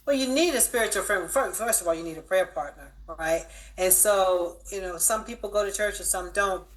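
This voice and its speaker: A woman's voice: mid-range voice, fairly quick. A woman guest on a radio talk show, giving earnest advice and checking in with "right?" as she talks.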